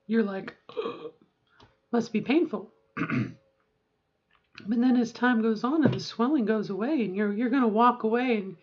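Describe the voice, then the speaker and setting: A woman's voice: mid-range voice, lo-fi sound. A middle-aged woman talking candidly and chattily in a personal video diary, often restarting her sentences. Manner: chatty, candid, self-interrupting. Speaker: vlogger.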